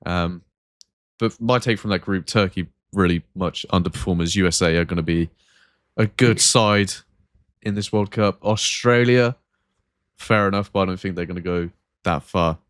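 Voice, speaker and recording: Low-voiced man chatting football. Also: normal speed, no echo, clean studio sound. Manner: relaxed, rambling with frequent fillers. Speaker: podcast host. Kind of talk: casual chat.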